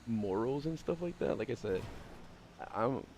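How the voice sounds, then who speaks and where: A young man streaming and chatting casually, loud and opinionated, rambling with lots of fillers. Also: mid-range voice, lively intonation, normal speed, a little hiss or hum. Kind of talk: casual chat while gaming.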